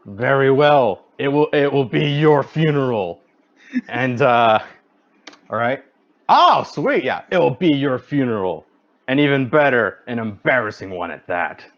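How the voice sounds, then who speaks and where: A man's voice: mid-range voice, animated, a little slow, dull audio. A man playing a brash human brawler in a tabletop game who talks with forced, boastful confidence. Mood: confident. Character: brash human man with chair-leg weapons.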